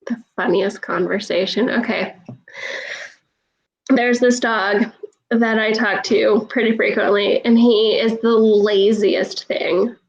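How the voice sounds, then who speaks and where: A woman's voice: mid-range voice, fairly even intonation, takes it slowly, highs cut off. A woman who is an animal communicator, telling stories in a casual interview and laughing often.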